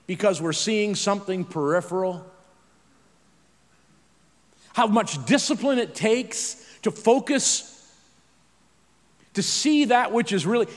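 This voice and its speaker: A man's voice: sits high, big-room sound. A middle-aged man preaching a sermon in a conversational way, with self-deprecating asides and frequent restarts.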